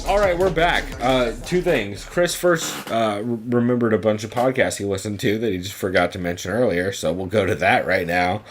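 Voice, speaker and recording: A man's voice: lowish voice, moderate pace, hardly any pauses, faint music behind. A man co-hosting a podcast in casual chat, loose and profane, rambling with lots of fillers. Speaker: podcast co-host.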